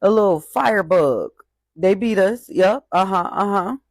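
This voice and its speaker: Slow, mocking voice reading out statistics. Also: mid-range voice, no echo. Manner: mocking, reacts to each figure. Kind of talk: casual commentary reading out statistics.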